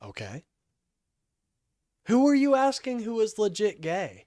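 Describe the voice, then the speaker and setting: A man hosting a casual political livestream with call-ins, talking haltingly and apologizing often. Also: sits high, huge pitch swings, mellow, dry recording, clean studio sound.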